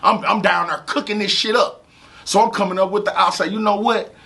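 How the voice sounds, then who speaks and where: A gravelly-voiced St. man speaking high for a man, with a bright, forceful edge. He tells stories in a loose, profane interview style, animated and full of filler phrases. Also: brisk. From St. Louis, USA. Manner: animated, profane, repeats "you know what I'm saying". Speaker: rapper interview guest. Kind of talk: casual storytelling interview.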